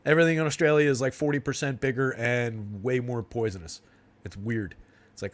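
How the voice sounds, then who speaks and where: This fantasy sports livestream host, a young New Jersey man, speaks a little fast in a steady tone at medium pitch. His talk is a casual, chatty ramble full of laughter and filler words.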